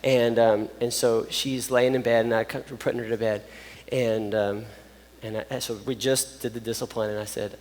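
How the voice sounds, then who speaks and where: A man, preaching a joking, animated youth sermon straight to his audience. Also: medium pitch, a little fast, few pauses. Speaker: youth pastor. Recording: long reverb of a large hall.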